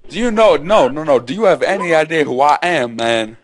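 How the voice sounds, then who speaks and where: A man making a prank phone call, bragging absurdly and mock-threatening in a deliberately ridiculous way. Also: on the high side, animated, background noise. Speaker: prank caller.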